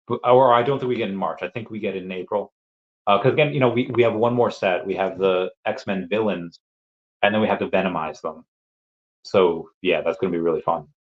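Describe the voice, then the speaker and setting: A man's voice: lowish voice, highs cut off. A man hosting a casual livestream, answering chat questions in a rambling way and often repeating words as he restarts.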